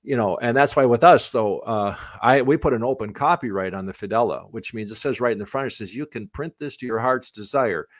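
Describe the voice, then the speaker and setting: Middle-aged guy, pastor, casual q&a answers, lots of restarts, gets lively telling stories, dry close sound. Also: medium pitch, fairly quick, few pauses, no room sound. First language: English. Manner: rambling with many restarts, animated when telling stories. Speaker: missionary pastor and Bible translation theologian. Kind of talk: live Q&A conversation.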